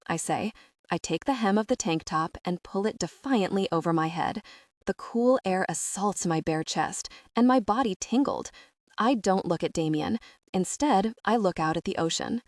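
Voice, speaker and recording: A woman narrating a first-person romance audiobook in a steady, even reading voice. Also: mid-range voice, moderate pace, no room sound, studio quality.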